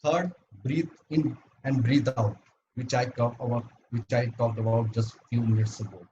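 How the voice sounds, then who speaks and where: A man's voice: medium pitch, steady tone, normal speed, dull audio. Man, club speaker, instructive and earnest delivery, faint noise in the background. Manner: earnest, instructive, paced in numbered steps. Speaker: club speaker giving a talk. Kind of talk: prepared talk on voice training.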